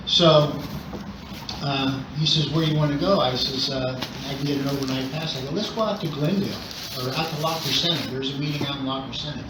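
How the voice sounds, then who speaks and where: Speaking fairly quickly in a mid-range voice, an older Southern Californian man tells his recovery story at an AA meeting in a meeting hall. He's conversational and wryly funny, and the audio sounds roomy, far off, and noisy.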